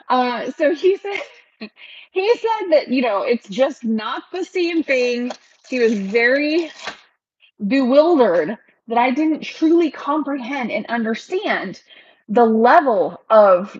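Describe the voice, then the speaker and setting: A woman's voice: a little high, husky, no echo, dull audio. Chatty woman rambling on a livestream. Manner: chatty and rambling, laughs often. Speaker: realtor hosting a livestream. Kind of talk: casual livestream chat.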